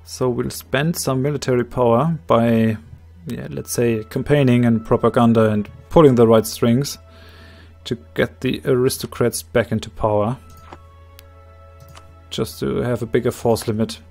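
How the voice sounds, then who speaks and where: A man with a slightly hoarse voice calmly explaining his moves, thinking aloud in a strategy game let's play. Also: medium pitch, unhurried, faint music behind. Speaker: game commentator.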